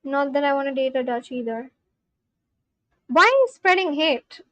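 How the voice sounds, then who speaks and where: A woman's voice: sits high, expressive, moderate pace, a bit bright, dry recording, lo-fi sound. A young woman livestreamer chatting casually with viewers, talking back to chat with loose, filler-heavy speech. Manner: talks back to chat, scolding and reassuring.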